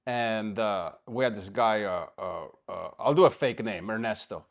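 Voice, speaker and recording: A man's voice: lowish voice, moderate pace. A man from Switzerland with a thick Swiss accent, co-hosting a podcast. He talks bluntly in casual chat and swears often. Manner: blunt, swears freely, lots of restarts. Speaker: podcast co-host.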